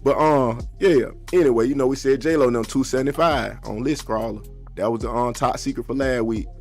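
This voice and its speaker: Gravelly, rambling male podcast host. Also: mid-range voice, brisk, faint music behind. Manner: loose, rambling, drawling slang with many fillers. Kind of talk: casual unscripted podcast talk.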